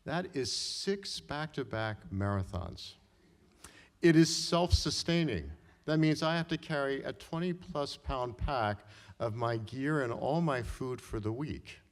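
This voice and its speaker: A middle-aged man telling a personal story live on stage, talking conversationally and often tagging his sentences with "right?" and clearing his throat. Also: mid-range voice, animated, a little slow. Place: stage in a hall before an audience. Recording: long reverb of a hall.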